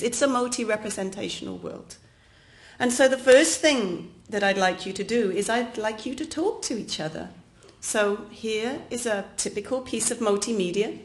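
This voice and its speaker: An English woman delivers a keynote lecture. She is lively and jokey, and she keeps turning to the audience and talking to them directly. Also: mid-range voice. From England. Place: lecture hall.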